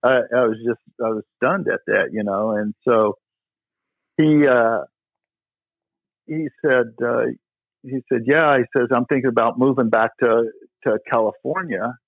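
A man's voice: medium pitch, a little slow, no echo. A middle-aged man, a tennis pro, tells stories in a casual interview, rambling with lots of "you know" and restarts. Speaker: tennis pro, podcast guest. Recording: dry, tinny phone-like line.

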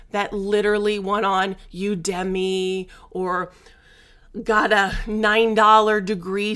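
A woman life coach talking frankly in a vlog, emphatic and animated, with blunt slang and laughter between her points. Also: fairly high pitch. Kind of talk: candid talking-head vlog.

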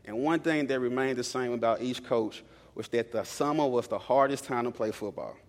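A man's voice: medium pitch, normal speed. A young man preaching a sermon in a casual, conversational way, telling stories and repeating lines for emphasis. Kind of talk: storytelling sermon. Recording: long hall reverb.

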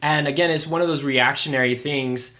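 A man's voice: fairly high pitch, fairly even intonation, fairly quick, sharp tone. A young adult man co-hosting a podcast, talking in an earnest, self-reflective casual way with frequent fillers. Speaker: podcast co-host. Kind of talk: casual chat.

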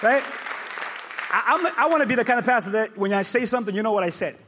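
A male pastor preaching a sermon, emphatic and repetitive, with sudden loud peaks. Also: high voice, quick pace, a crowd in the background, background noise.

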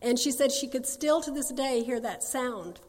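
A woman's voice: sits high, moderate pace, darkish tone, in a large hall. A woman, sharing her personal testimony in a folksy, earnest storytelling manner. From North Carolina, USA. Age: 60s.

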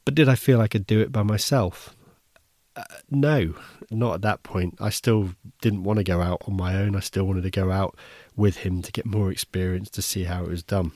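A man's voice: low-pitched, fairly even intonation, normal speed, darkish tone, dry recording, studio quality. A man hosting a podcast, telling a story in an easygoing, wry way, often restarting his sentences. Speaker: podcast host. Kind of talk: casual first-person storytelling.

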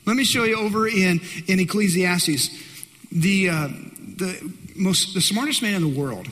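A middle-aged male pastor delivers a sermon in a high, bright voice. He tells family stories with animated humor. His words carry a long reverb from a big hall. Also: unhurried.

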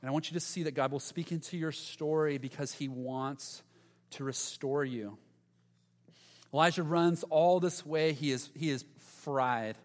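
A pastor preaching a sermon to his congregation, animated and conversational, with dramatic pauses. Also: a little high. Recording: long hall reverb.

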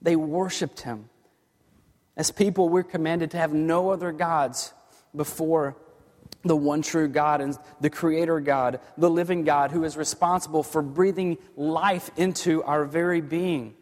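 A man preaching a sermon as a pastor, earnest, moving from hushed lines to emphatic ones. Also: on the high side, fairly even intonation, unhurried. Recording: long hall reverb.

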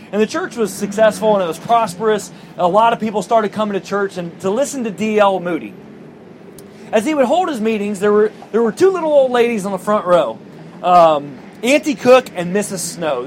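A man preaching a sermon as pastor, telling stories with lively acted-out quotes. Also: sits high, slight background noise, low-quality recording. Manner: animated storytelling, acting out quoted voices.

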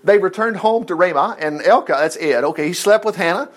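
Acting out each character and pausing for jokes, this preacher tells a Bible story as a folksy sermon for a Bible lesson. He has a high voice and talks fast.

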